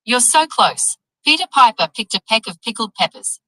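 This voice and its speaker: A woman's voice: fairly high pitch, sing-song, moderate pace, pushed and bright, no echo, low-quality recording. A synthetic female AI assistant voice coaching tongue twisters in an upbeat, encouraging way. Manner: upbeat, encouraging, evenly paced. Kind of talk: AI assistant tutoring.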